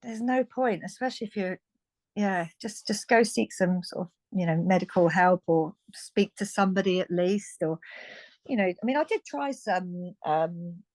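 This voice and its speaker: A woman's voice: fairly low pitch, lively intonation, normal speed, darkish tone, no echo. Chatty British woman in her fifties. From United Kingdom. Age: 50s. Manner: chatty and frank, many restarts and little laughs. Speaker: guest. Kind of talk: candid conversational storytelling.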